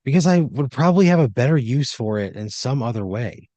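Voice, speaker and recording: Male podcast co-host, lively pitch, skeptical, swears, dry close sound. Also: fairly quick, no echo, lo-fi sound. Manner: incredulous, swears freely. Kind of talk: casual comedy chat.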